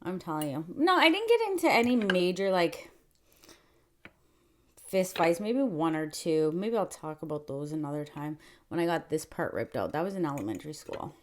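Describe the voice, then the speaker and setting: A young woman chats to her viewers at home, her voice sitting a little low. She rambles through a story in a casual, filler-heavy way and acts out the quotes as she goes. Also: very animated, moderate pace. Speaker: mukbang vlogger.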